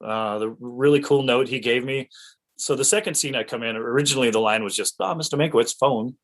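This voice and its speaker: A middle-aged male actor being interviewed, telling lively anecdotes in casual chat and laughing often. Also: medium pitch, a little fast, low-quality recording.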